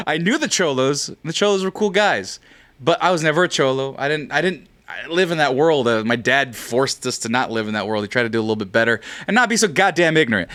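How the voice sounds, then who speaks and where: A California man in his thirties hosts a casual livestream, rambling and joking with playful swearing. His voice is mid-range and fairly bright.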